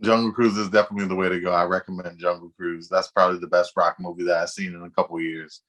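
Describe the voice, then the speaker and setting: A man with a lowish voice co-hosts a casual podcast. He talks in emphatic, slangy bursts and curses freely. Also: little pitch movement, fast, fairly bright tone. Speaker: podcast co-host. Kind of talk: casual chat.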